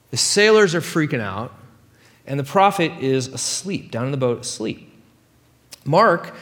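A man preaching to his congregation, his pitch swinging up and down as he retells stories. He keeps the tone casual and playful, and a long reverb from the hall trails behind each phrase. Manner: casual, animated storytelling with playful asides. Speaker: pastor. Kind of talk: sermon.

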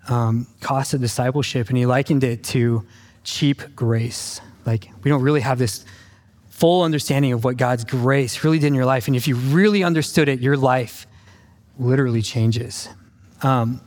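A man's voice: mid-range voice, a little mellow. A man giving a sermon to his congregation, earnest and conversational, often checking in with the room. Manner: earnest, conversational, many ums and "right?" checks. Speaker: preacher. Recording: long hall reverb.

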